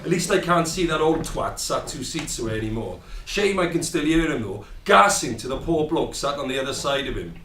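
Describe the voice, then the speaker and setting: A man's voice: on the high side, lively intonation, fairly quick, hardly any pauses, noisy background, close to an everyday voice. A man playing a sardonic foul-mouthed Welshman. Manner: sardonic, swearing, wry asides. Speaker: actor performing a monologue. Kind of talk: stage monologue. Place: rehearsal room. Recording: roomy, distant mic.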